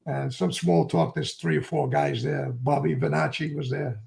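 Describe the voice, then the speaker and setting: A man's voice: fairly high pitch, fairly even intonation, moderate pace, creaky, a little mellow. An older man, telling a long story in an interview and acting out both sides of old arguments. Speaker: interview guest.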